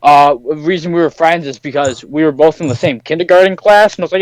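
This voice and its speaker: A teenage boy with a high voice tells a story, lively and animated, acting out the voices of everyone in it. The sound is dry and close, with no room around it. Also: fast talker, hardly any pauses, no room sound, low-quality recording. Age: teens. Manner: animated, acts out voices in his stories. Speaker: podcast host. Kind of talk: casual podcast storytelling.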